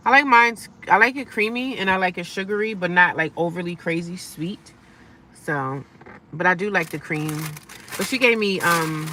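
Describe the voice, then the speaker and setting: Chatty gravelly-voiced woman in her car. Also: sits low, bright, forceful tone, recorded from a distance, slight background noise. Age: middle-aged. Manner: chatty, upbeat, self-encouraging, sassy asides. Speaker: vlogger living in her car. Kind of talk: casual live-stream chat. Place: inside her parked car. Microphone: phone.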